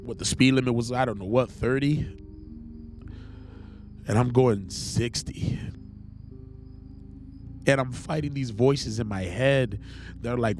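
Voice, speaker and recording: Guy on a faith podcast telling his story, slow and earnest, soft music faintly underneath. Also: medium pitch, fairly even intonation. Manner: earnest, halting, emotional storytelling. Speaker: podcast host. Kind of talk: personal faith testimony.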